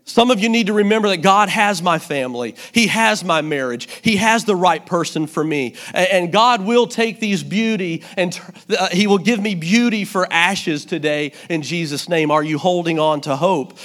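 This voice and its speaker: A man with a notably high voice preaches at church, speaking into a handheld mic. His delivery is animated and lively, and he playfully acts out the voices in his stories. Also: moderate pace. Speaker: pastor. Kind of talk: sermon.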